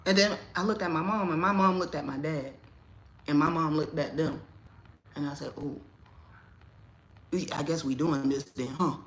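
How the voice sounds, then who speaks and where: A woman hosting a casual livestream, telling a story. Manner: animated, rising loud and high when riled. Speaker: livestream host.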